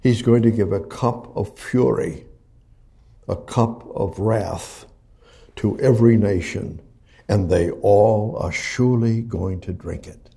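Slow gravelly male preacher. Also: fairly low pitch, warm tone. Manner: slow, halting, repeats phrases and restarts words, rising for emphasis. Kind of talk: sermon, Bible verse exposition.

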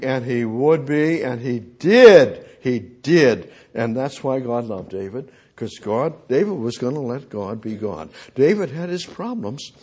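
A man preaching a sermon. He reads scripture slowly, swings from loud pleading to quiet talk, and asks his listeners questions. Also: medium pitch, husky. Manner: rhetorical questions to the congregation.

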